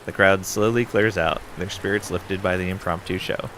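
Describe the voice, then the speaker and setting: Guy streaming a game, reads the story out, relaxed, bright lowish voice. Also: moderate pace, a little hiss or hum. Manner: relaxed, with frequent ums and asides. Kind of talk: casual game playthrough, reading story text aloud.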